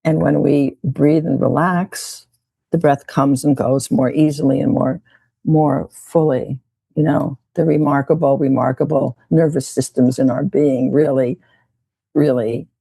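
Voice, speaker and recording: A woman meditation teacher who leads a slow, gentle guided meditation and talk, often repeating her phrases. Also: extremely low pitch, fairly even intonation, vocal fry, slightly rough, dry recording.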